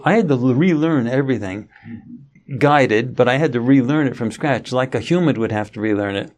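A man's voice: medium pitch, a little mellow. A middle-aged man giving an interview, telling a long story in a rambling way with frequent restarts. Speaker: interview guest. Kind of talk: conversational storytelling.

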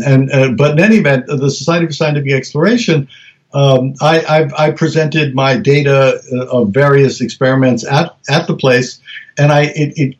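A man researcher telling stories in a casual interview, talking in halting bursts with many restarts and acting out the voices of others. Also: fairly high pitch. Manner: halting, with frequent restarts and acted-out quotes. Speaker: researcher and guest. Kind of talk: casual conversational storytelling. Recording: dull lo-fi recording.

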